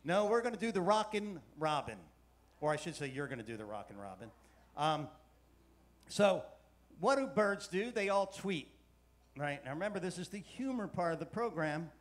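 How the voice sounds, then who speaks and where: A man's voice: a little high, very animated, moderate pace. A man giving a keynote talk to a live audience, playfully coaxing them to join in. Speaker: keynote speaker. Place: conference hall with a live audience.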